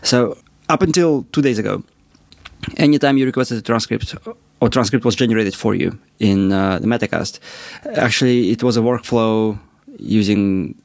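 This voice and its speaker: A man co-hosting a podcast in casual chat, halting with many restarts and frequent chuckles. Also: on the low side, gravelly, dry recording. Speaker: podcast co-host.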